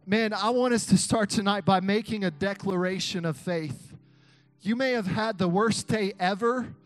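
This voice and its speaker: A young man preaching an energetic sermon to a youth crowd, chanting call-and-response lines and laughing between points. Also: high voice, moderate pace, no room sound, faint music behind. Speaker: youth pastor.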